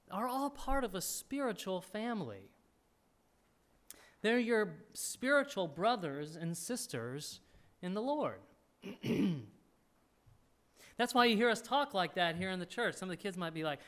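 A man preaching a sermon, teaching from scripture and reading the verses aloud in an expressive way. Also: high voice, measured pace. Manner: expressive preaching, reads scripture aloud, frequent throat clearing. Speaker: pastor.

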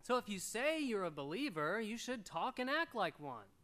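A middle-aged man preaching a sermon, animated and storytelling, acting out little voices as he goes. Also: high-pitched, moderate pace. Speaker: pastor.

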